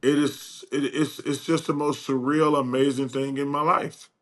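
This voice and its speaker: An older man telling stories as a guest in a casual chat, acting out quoted dialogue with lively energy. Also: medium pitch, moderate pace. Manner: animated, acts out quoted dialogue.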